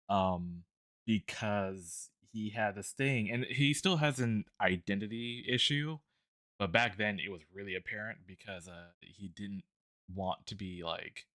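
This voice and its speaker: A man's voice: lowish voice, fairly bright tone, no room sound, clean studio sound. A man guesting on a stream, chatting casually, rambling and hesitant with many ums. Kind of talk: casual chat.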